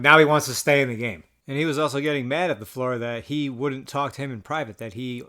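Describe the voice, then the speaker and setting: A man's voice: mid-range voice, quick pace, hardly any pauses, pushed and bright, clear, resonant tone. A man telling a poker table story as an exasperated, profane rant, full of stammered restarts. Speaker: poker player vlogger. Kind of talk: ranting storytelling.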